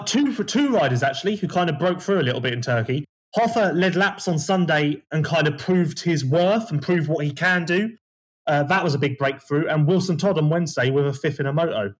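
A man co-hosting a casual podcast, giving animated, opinionated race analysis. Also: on the high side, a little fast, breathy edge. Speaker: podcast co-host. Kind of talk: casual motocross chat.

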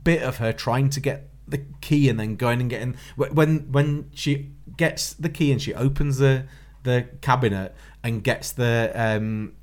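Relaxed man, podcast co-host. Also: medium pitch, a little slow, hardly any pauses. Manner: relaxed, hesitant, with many fillers. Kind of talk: casual film review chat.

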